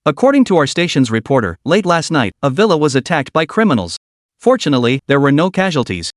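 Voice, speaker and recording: A man reading a comic recap story as scripted narration, in a lively storytelling delivery. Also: a little high, fast talker, no room sound, clean studio sound.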